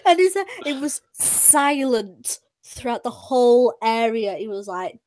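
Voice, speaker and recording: A woman's voice: on the high side, very animated, unhurried, a little mellow, dry recording. A British woman streamer telling stories in casual chat, rambling with many fillers and restarts. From Britain.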